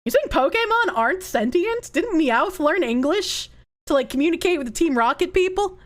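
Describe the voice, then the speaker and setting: A woman's voice: very high voice, animated, normal speed. A woman livestreamer chatting casually, reading chat, giggling often and swearing freely.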